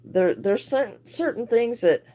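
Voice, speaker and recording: A woman's voice: a little high, animated, measured pace, mellow. A woman hosting a casual crochet livestream, chatting and greeting viewers by name with frequent laughs.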